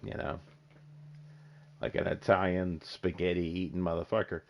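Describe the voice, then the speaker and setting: Low-pitched male host, teasing and profane, lo-fi voice-chat sound. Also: normal speed, a little hiss or hum. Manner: excitable, swears freely, teasing. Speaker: podcast host. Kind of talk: casual chat. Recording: dull lo-fi voice chat.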